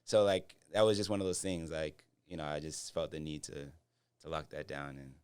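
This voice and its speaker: Deep-voiced man in his forties. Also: a little fast, a little mellow, clear, resonant tone, no room sound, clean studio sound. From Boston. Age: 40s. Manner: easygoing, agreeable, laughs often. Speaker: podcast guest. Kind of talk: casual interview chat.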